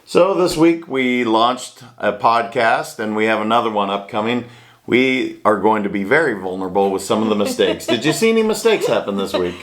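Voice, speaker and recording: A man's voice: lowish voice, animated, moderate pace. A man hosting a casual chat from a small home studio, upbeat and self-deprecating about his mistakes. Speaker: host.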